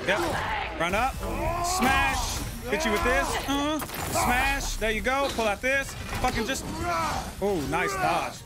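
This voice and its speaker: A man giving live gameplay commentary, trash-talking a boss with lots of swearing and frequent frustrated shouting. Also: extremely high pitch, expressive, slow. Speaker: gamer playing a video game. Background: loud video game music.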